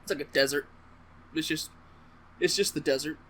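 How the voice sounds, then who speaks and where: This comedic vlogger's voice sits on the high side and is a bit bright, heard at normal speed through poor audio with slight background noise. Recapping a movie to camera, he rambles offhandedly, curses freely, and derails himself with asides.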